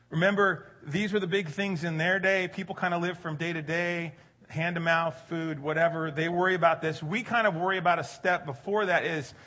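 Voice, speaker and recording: A middle-aged pastor with a slightly high voice preaches in a relaxed, conversational style. He jokes with the congregation and gets louder when he wants to stress a point.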